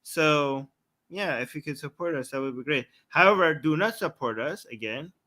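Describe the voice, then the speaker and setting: Bright-voiced man hosting a casual chat. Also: on the high side, moderate pace. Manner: teasing, insistent when correcting pronunciation. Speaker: co-host. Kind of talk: casual live-stream chat.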